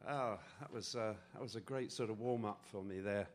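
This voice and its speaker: A man's voice: on the low side, moderate pace, a little hiss or hum. Offhand male comedian on stage. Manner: chatty, self-deprecating, loose and offhand. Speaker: comedy musician. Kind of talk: stand-up patter and comic song. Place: live audience venue. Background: audience laughter.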